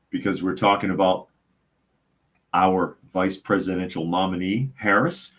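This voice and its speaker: A man with a low, deep voice hosts a live podcast in a loose, casual way. He reads viewer comments aloud and drifts into rambling stories, acting out the other people's voices as he goes. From United States. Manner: rambling storyteller, acts out quoted voices. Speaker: podcast host.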